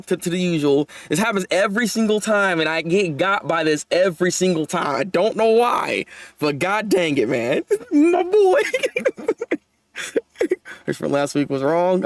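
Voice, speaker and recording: A young man hosting a live manga chapter reaction, animated and laughing often as he talks to his viewers. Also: fairly high pitch, dry recording.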